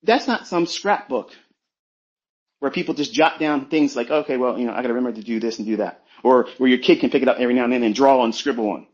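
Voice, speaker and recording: A man's voice: medium pitch, quick pace, a little mellow. Blunt, profane man preaching, muffled audio. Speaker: trading mentor. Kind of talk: motivational talk on a live audio stream.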